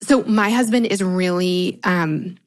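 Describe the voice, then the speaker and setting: A woman's voice: lowish voice, takes it slowly. A woman hosting a podcast, chatting eagerly and agreeing with her guest. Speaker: podcast host. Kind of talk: casual chat.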